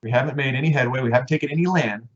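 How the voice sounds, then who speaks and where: A man giving a casual history lecture, talking conversationally and voicing people's thoughts in quick asides. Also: medium pitch. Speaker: history teacher. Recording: dull lo-fi recording.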